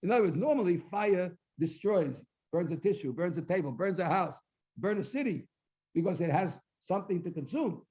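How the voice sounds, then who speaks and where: A rabbi with a high-pitched, dark, slightly rough voice lectures at normal speed with lively intonation. His Talmud lecture, given for a study completion in a synagogue hall, goes phrase by phrase through each source with translation, sometimes repeating words as he seeks the next phrase. It's a dull lo-fi recording.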